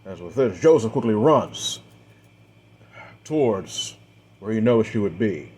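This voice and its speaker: Low-voiced man narrating a grim tale. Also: lively intonation, darkish tone, slightly rough. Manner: measured, dramatic storytelling with occasional fillers. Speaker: game master. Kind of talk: narrating a tabletop role-play story.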